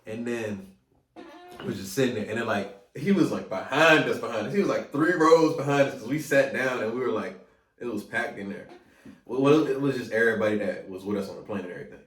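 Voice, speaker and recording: A man's voice: mid-range voice, fast, a bit bright. A young man, an old army buddy, recalling basic training in casual chat, laughing and acting out quotes in slang. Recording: echoey room, mic at a distance.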